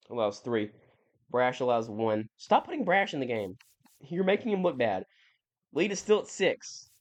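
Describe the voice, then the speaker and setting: A young man giving casual, rambling commentary over a video game, often correcting himself and sounding mildly exasperated. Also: on the high side. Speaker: gaming YouTuber.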